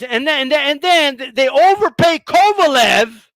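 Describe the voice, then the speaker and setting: High bright-voiced guy ranting live, swears a lot, real dry close sound. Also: moderate pace, few pauses, no echo. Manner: animated, blunt, swears, sarcastic, rising to shouts. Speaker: boxing commentator and channel host. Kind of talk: live-stream rant.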